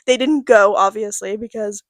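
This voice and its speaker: A woman's voice: medium pitch, steady tone, moderate pace, no echo. A woman in her twenties, a podcast co-host, telling a school story in casual chat, full of "like"s and laughter. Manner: rambling, many "like"s, laughs often.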